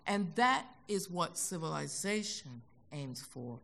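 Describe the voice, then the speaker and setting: An older American woman telling stories as a guest in an onstage conversation, animated and acting out the voices she quotes. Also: low-pitched, slow pace, vocal fry. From United States. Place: concert hall stage.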